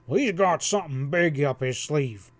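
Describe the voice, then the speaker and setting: Man doing a gruff old one-eyed cowhand. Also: fairly high pitch, animated, moderate pace, no room sound, lightly acted. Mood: grim. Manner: gruff, grumbling, indignant.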